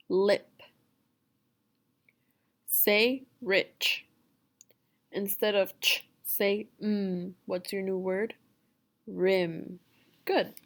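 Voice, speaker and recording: A woman teaching a phonics lesson for young children, sounding out words slowly and deliberately. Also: medium pitch. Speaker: second grade teacher.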